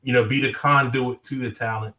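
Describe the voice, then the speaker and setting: A man's voice: medium pitch, steady tone, sharp tone, low-quality recording. Laid-back New York man, laughing easily. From Harlem, New York. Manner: laid-back, laughs often, quick asides. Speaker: guest, musician and producer. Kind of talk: casual interview.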